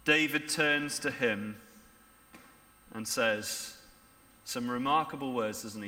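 In a church with the reverb of its hall, a man preaches conversationally, often putting rhetorical questions to the congregation. His voice sits fairly high, bright and pushed, at a measured pace.

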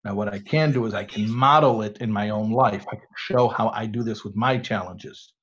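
A man's voice: on the low side, moderate pace, a bit bright. A man in his fifties, a rabbi, giving a talk to students and answering their questions, explaining step by step and posing his own questions before answering them. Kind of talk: lecture with audience questions. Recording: dull lo-fi sound.

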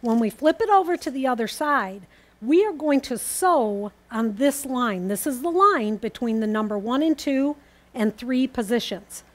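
Woman, high pitched, methodical host walking viewers through a sewing demo. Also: unhurried. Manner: calm, methodical, explains each step as she works. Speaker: quilting teacher. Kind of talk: step-by-step sewing demonstration.

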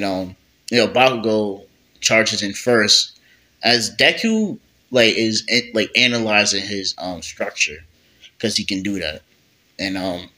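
Young guy making up a story as he goes, lots of um and like, low voice with a bright bite. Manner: rambling, many fillers. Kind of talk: improvised fan story chat.

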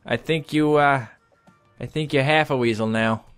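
A man giving playful, joking let's-play commentary and excitedly cheering on the action. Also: medium pitch, normal speed, soft background music. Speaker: gaming commentator.

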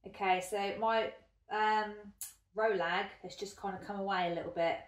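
Sitting at a spinning wheel indoors, a woman who vlogs about hobby spinning chats casually while she works, thinking aloud and poking fun at herself. Her medium-pitched voice is steady and moderately paced, though a distant mic makes the room sound echoey.

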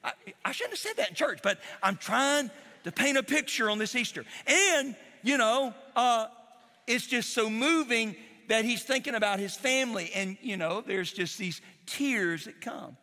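A middle-aged man preaching a sermon as pastor, telling stories in an animated, emotional way with frequent repetitions. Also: very high voice, measured pace. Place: large church hall. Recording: reverberant church hall.

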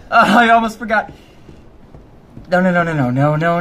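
A man's voice: sits high, animated, moderate pace, pauses often, fairly bright tone, a little hiss or hum. A young man hosting a let's play of a horror game, nervous and jumpy, swearing often and laughing between scares. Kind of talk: casual gaming commentary.

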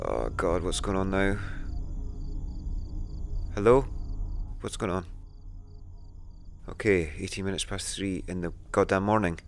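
A man's voice: low-pitched, measured pace, vocal fry, long pauses, soft background music. Jumpy, sweary man gaming. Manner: jumpy, sweary, talks to himself. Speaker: gamer. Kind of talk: let's play commentary.

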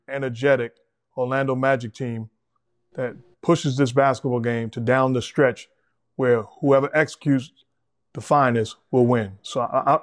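A middle-aged man hosting a sports talk show, giving measured, emphatic basketball analysis. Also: mid-range voice. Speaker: host.

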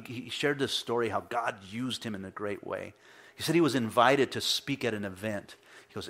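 A male pastor preaching a casual, storytelling sermon, mimicking the people he quotes with sudden loud bursts. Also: medium pitch.

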